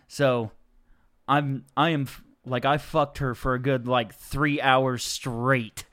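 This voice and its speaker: A man's voice: medium pitch, fairly even intonation, slow, a bit bright. A man as a podcast guest telling stories in a rowdy, profane, casual way. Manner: rowdy, profane, laughs often. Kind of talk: casual chat, storytelling.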